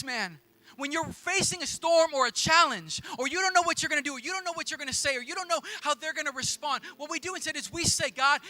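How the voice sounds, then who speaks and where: A man in his thirties preaching a sermon in a church, telling a story in an animated, casual way. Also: extremely high pitch. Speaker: pastor.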